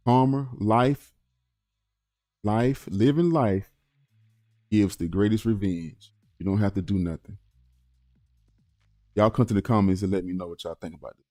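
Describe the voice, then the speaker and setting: Laid-back storytelling man, low and mellow. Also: normal speed, long pauses, no echo, studio quality, soft background music. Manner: rambling with restarts, acts out quotes in a high voice. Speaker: reaction channel host. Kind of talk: casual storytelling to viewers.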